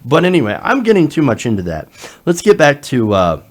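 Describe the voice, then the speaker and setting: A man's voice: mid-range voice, huge pitch swings, fairly quick. A man hosting a political commentary show, reading from an article and adding sarcastic asides, with frequent fillers.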